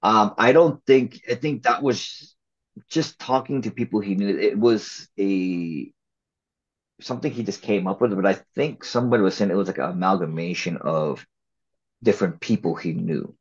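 A man speaks in a low, husky voice, chatting casually as an interview guest. He rambles loosely and restarts his sentences often. The audio is slightly dull and lo-fi. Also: moderate pace. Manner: relaxed, rambling, many fillers and restarts. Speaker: actor and filmmaker guest.

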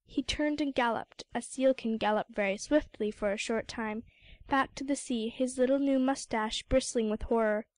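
Casting: woman audiobook narrator, fairly high voice, dry close mic, measured storytelling. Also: no echo. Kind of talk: scripted narration.

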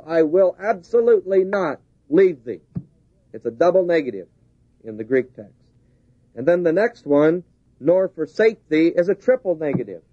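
A man's voice: fairly high pitch, dark tone, dry recording. A man preaching a sermon, driving his points home with repeated, rising emphasis. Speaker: pastor. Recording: dull lo-fi 1970s tape.

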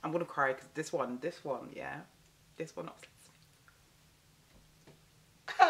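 A young woman ranting casually to camera in a vlog, animated and exasperated, repeating phrases for emphasis. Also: low-pitched, unhurried, creaky, pauses often. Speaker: vlogger.

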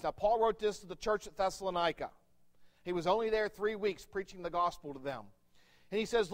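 A man with a Pennsylvania accent preaches from the pulpit in a fairly high voice. He leans hard on key words, swelling loud and then dropping low. Long church reverb trails his voice. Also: expressive, normal speed. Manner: emphatic preaching, rises and drops in volume. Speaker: pastor. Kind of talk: sermon. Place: church sanctuary.

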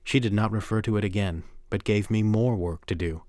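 A man giving a measured, earnest first-person reading from a memoir for a documentary. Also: lowish voice, darkish tone, dry recording, studio quality.

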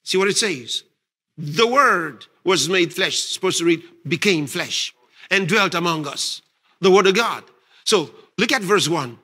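Pastor guy preaching, high bright voice, jumps around a lot, kinda husky, gets loud on the big lines. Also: expressive, unhurried. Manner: emphatic, rising to shouts on key lines; reads scripture aloud and asks the congregation questions. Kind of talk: sermon. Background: congregation responding.

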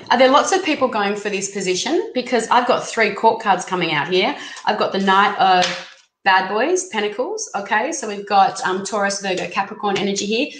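A woman hosting a casual live-stream tarot reading, chatty and excitable as she reads out viewer comments. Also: medium pitch. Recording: echoey room, faint background noise.

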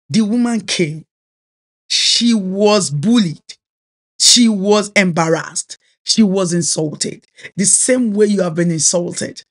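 A Nigerian-accented woman minister delivering a sermon with steady, earnest urgency. She exhorts her listeners and drives her main points home by repeating them. Her first language is Yoruba. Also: medium pitch.

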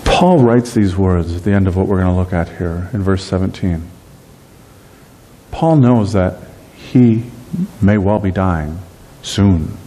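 A middle-aged man preaching a sermon as pastor, lively in delivery and slowing down to stress key phrases. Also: low-pitched, slight background noise. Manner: dynamic preaching, slows on key phrases, acts out everyday voices.

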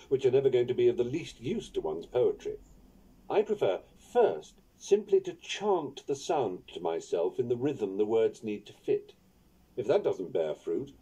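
A man reading his own instructional book on poetry aloud in a wry, playful, unhurried way. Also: mid-range voice, dark tone, husky, poor audio. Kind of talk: audiobook narration of an instructional book.

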